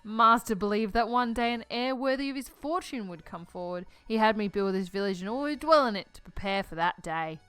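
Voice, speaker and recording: A woman's voice: mid-range voice, lively intonation, a little fast, few pauses, fairly bright tone, smooth, dry recording, soft background music, natural voice. A woman voicing a polite elderly male caretaker who builds robots, her put-on accent drifting as she reads. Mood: formal. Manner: accent keeps shifting.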